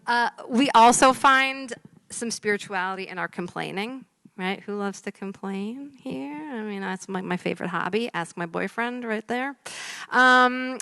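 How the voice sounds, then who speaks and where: A woman's voice: medium pitch, smooth, dry recording. A woman telling jokes to a live audience, acting out the characters with voice shifts and dropping to a whisper for effect. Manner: lively storyteller, drops to whispers for effect. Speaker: joke teller. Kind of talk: stand-up joke telling.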